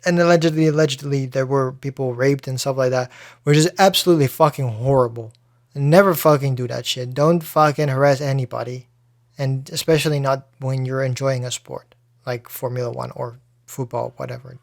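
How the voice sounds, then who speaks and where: A man with a gravelly, mid-range voice hosts a solo podcast, chatting casually in a loose, profane way and restarting his sentences often. The recording is dry and of studio quality.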